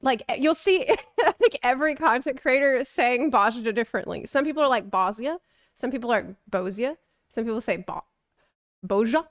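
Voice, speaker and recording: A woman streamer casually chatting while reacting to a video, playful, with quick asides. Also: high voice, no echo, clean studio sound. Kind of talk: live stream reaction chat.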